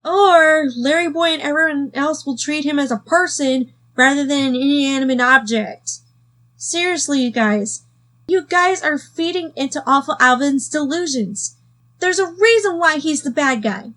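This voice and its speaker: A woman's voice: high-pitched, moderate pace, a bit bright. A woman giving a sarcastic review of a cartoon episode, full of wry asides, with faint music behind. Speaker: video reviewer.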